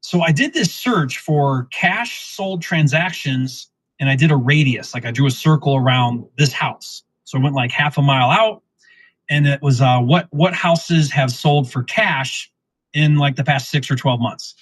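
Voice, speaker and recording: A middle-aged man telling a real estate story in casual lesson form, acting out the dialogue with lively restarts. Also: mid-range voice, unhurried, slightly rough, no echo, rough recording. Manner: animated, acts out quoted dialogue, frequent restarts. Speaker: real estate investor teaching wholesaling.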